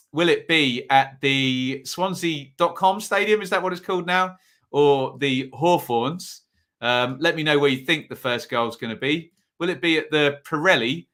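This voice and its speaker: A man hosts a live football watchalong from home, chatting loosely to his viewers. His voice is bright and forward, and his talk wanders, full of ums and quick self-corrections. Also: medium pitch. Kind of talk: casual live-stream chat. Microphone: phone or desk mic at a home setup.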